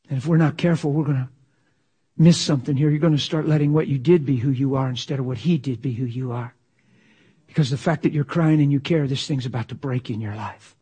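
A man preaching a sermon with passion, swinging from loud exclamations to near-whispers. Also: mid-range voice, fast, breathy edge.

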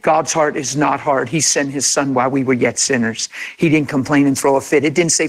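A man's voice: medium pitch, steady tone, fairly quick, hardly any pauses. A man preaching a sermon in an impassioned, conversational way, acting out imagined quotes.

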